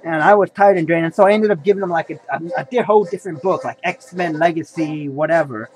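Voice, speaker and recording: Rambling high-voiced man showing comics. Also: quick pace, poor audio. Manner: rambling, repeats himself, says "folks" and "you know". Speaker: comic collector vlogger. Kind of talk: casual haul video talk.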